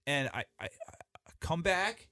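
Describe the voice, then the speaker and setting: A man telling a story as a podcast guest in casual chat, animated and profane, with many restarts. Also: fairly high pitch, measured pace, dry recording, clean studio sound.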